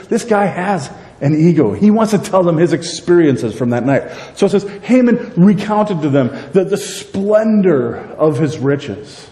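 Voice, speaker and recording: A middle-aged pastor preaches with an animated, joking delivery and quizzes his listeners. His voice is mellow, not bright. It rings through a large church hall with a long reverb and a faint rumble underneath. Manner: animated, acts out characters in quotes; jokey, asks the congregation questions. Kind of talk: sermon. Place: church sanctuary.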